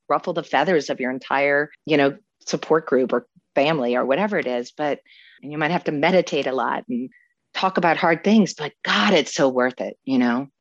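A woman's voice: sits low, no echo, highs cut off. A woman in her fifties from New Orleans, sharing her recovery story with heartfelt, tearful joy and frequent laughter. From New Orleans, USA. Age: 50s. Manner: heartfelt, tearful yet joyful, laughs often. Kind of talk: emotional personal testimony.

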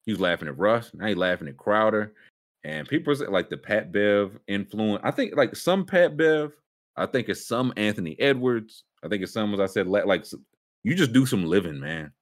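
Man, low voice, animated, casual podcast banter, joking, restarts often. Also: normal speed. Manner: loose, joking, trails off and restarts. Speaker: podcast co-host. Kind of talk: casual sports chat.

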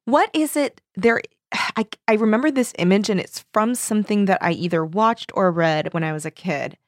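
A woman's voice: medium pitch, normal speed, no echo, studio quality. A young woman co-hosting a podcast, chatting casually about a book, laughing and reading passages aloud. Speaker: podcast co-host.

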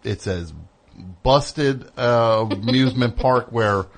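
A man's voice: medium pitch, slow. A middle-aged man hosting a radio show in a studio, chatting casually with an opinionated, teasing, rambling manner. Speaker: host.

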